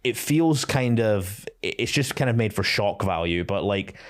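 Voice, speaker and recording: A man with a somewhat low voice talks casually about films, full of "like" and "uh", firm in his opinions and quick to laugh. He sounds like a podcast co-host among friends. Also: animated. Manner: opinionated, laughs often, many fillers. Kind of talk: casual film-review chat.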